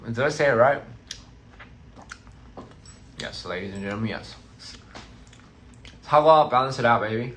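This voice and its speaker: A man's voice: medium pitch, moderate pace, long pauses, fairly bright tone, a little hiss or hum. A man chatting casually on a phone live stream, playful and teasing, as a touring artist talking to his fans.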